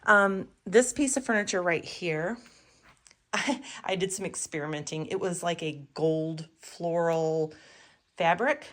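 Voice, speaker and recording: A woman's voice: fairly low pitch, slow pace, fairly bright tone. A woman in her fifties chatting casually while giving a home tour, enthusiastic about her thrift finds. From United States.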